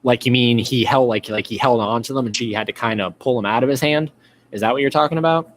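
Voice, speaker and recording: A man's voice: medium pitch, quick pace. A man hosting a live-stream podcast, chatting casually and reading out viewer comments, with lots of fillers and restarts. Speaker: podcast host.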